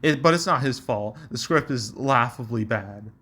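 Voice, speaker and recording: A man's voice: mid-range voice, moderate pace, pushed and bright, a little hiss or hum. Rambling man reading reviews aloud. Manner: rambling, chuckling, filler-heavy. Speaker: host. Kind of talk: casual commentary reading reviews.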